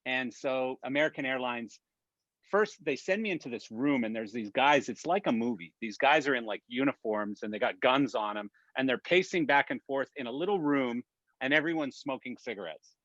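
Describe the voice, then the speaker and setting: A man telling a story in an animated, rambling way with many restarts, on a video call from home. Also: mid-range voice, moderate pace, no echo, highs cut off. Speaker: production industry guest. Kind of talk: casual storytelling.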